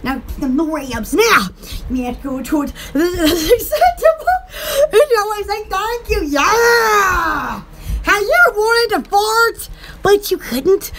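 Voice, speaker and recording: A woman's voice: extremely high pitch, expressive, unhurried, very noisy. A woman with a Southern US accent doing casual home-shopping chat about her shop's products, rambling, giggling and exclaiming often. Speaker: small shop owner promoting products.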